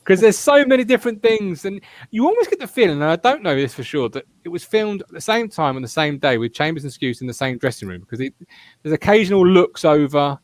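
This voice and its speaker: A man hosting a casual fan podcast, with a slightly raised pitch. He talks in an animated, jokey way and teases his co-hosts. The sound is dry and close. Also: fast talker, no echo. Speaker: podcast host.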